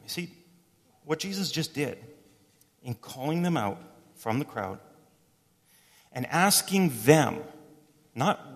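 A man delivering a sermon in a casual, chatty way, dropping in quick voiced quotes as he retells stories. His voice sits at an ordinary middle pitch. The sound carries a long reverb, as if from a church hall. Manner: conversational, animated storytelling with quick voices for quotes. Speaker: pastor.

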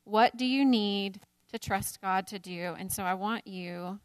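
A woman's voice: medium pitch, a little slow, clean tone, no room sound. A woman in her thirties leading a Bible study, talking candidly about faith and motherhood and laughing often at herself. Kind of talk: teaching a women's Bible study.

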